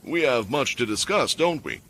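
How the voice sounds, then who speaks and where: A man's voice: medium pitch, big pitch swings, moderate pace, a bit bright. A man voicing a dry, smirking old mage who now looks young. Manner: wry, unflappable. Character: ancient male mage in a young body, dry and smug.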